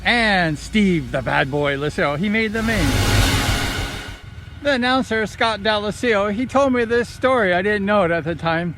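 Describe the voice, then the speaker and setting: A man telling old speedway racing stories in a casual, rambling, excited way, slipping into quoted voices. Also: high voice, normal speed, over loud music. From Southern California. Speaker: vlogger recounting racing days. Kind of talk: casual storytelling.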